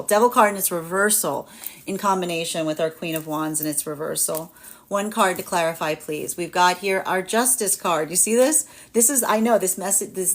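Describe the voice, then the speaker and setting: Rambling young woman tarot reader. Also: lowish voice. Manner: rambling, many fillers, laughs often. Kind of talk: live tarot reading.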